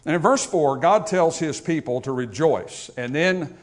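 A man's voice: on the high side, measured pace. Man preaching a funeral sermon. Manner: conversational, storytelling preacher. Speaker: pastor.

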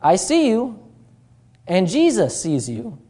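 A shrill, insistent pet parrot chirps the same warning over and over in a sing-song squawk, put on by a man telling a joke in his sermon. Underneath the put-on there is a soft, mellow tone. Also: huge pitch swings, slow pace, slightly rough, heavily acted. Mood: tattling.

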